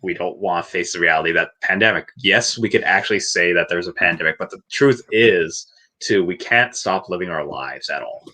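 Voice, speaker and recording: Man, low-pitched, bright, rambling, restarts a lot, casual film chat. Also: a little fast. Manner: rambling, restarts often, laughs between points. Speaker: podcast co-host.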